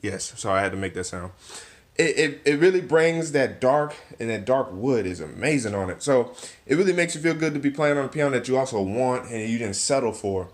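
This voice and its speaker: A man's voice: medium pitch, animated, a little fast. A young man vlogging in a casual, laid-back way with slangy, self-deprecating asides, recorded in a cluttered room at home. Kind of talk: casual product walkthrough.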